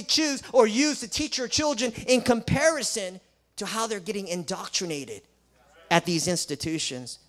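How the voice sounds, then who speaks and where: A man's voice: high voice, sing-song, normal speed, fairly bright tone. A man who is a Christian school principal, preaching an emphatic sermon full of rhetorical questions and sarcastic asides.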